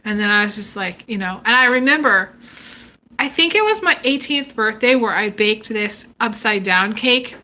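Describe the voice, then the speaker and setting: A woman in her thirties telling family stories in a casual live chat, animated and laughing often. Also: medium pitch, normal speed. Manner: animated, laughs often, acts out quoted voices. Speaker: tarot reader chatting on a live stream.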